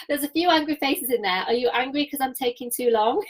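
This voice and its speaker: A woman coaches her viewers on a livestream. Her voice sits slightly high, and she talks in an energetic, chatty way, laughing often. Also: brisk, poor audio. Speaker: business coach. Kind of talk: live-streamed coaching talk.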